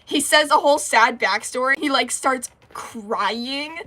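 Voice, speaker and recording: A woman's voice: high voice, measured pace, pushed and bright. A woman chatting casually on a livestream, rambling and giggling, talkative and a bit nervous.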